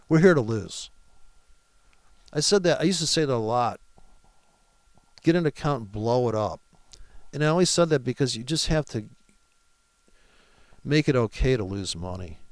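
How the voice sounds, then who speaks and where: With no room sound around his medium-pitched voice, a man gives casual live commentary on his forex trades, rambling, profane and mocking.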